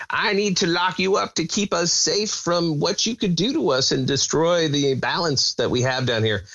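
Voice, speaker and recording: A woman's voice: low-pitched, moderate pace, a bit bright, pitched above the performer's own voice. A man putting on a stern older woman general in a mock old-person voice, quoting a film scene on a muffled lo-fi line. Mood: mock-solemn.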